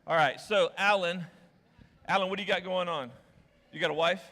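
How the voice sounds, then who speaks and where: A man's voice: high-pitched, fairly even intonation, normal speed, bright, forceful tone. A man preaching a sermon as pastor, joking with volunteers on stage and speaking candidly to the congregation. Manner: playful and joking with volunteers, then candid and confessional. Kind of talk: sermon with audience games. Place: church auditorium. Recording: long reverb of a large hall.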